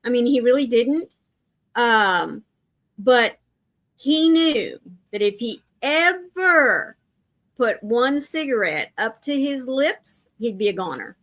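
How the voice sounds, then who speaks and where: A woman's voice: a little high, animated, slow pace. Affectionate woman co-hosting a live chat. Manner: warm, affectionate greetings to viewers, storytelling. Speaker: livestream co-host.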